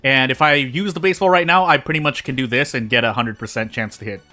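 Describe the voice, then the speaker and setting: Talking fast in a sharp, medium-pitched voice, a male streamer chats about his game as he plays, eating between remarks. His talk wanders, he loops back on phrases and restarts sentences partway through, and quiet game music runs underneath.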